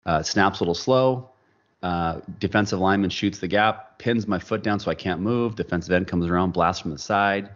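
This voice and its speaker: A man's voice: sits low, normal speed, muffled recording. A man telling a personal story as a podcast guest, acting out the people he quotes. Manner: animated storyteller, acts out quoted dialogue. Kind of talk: storytelling in casual interview.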